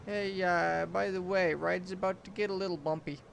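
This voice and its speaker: Man voicing a gravelly New England fisherman uncle, offhand and gruff. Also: high voice, steady tone, moderate pace, fairly bright tone, slight background noise. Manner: offhand, gruff, dismissive of danger. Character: grizzled chain-smoking fisherman uncle, gruff and unbothered.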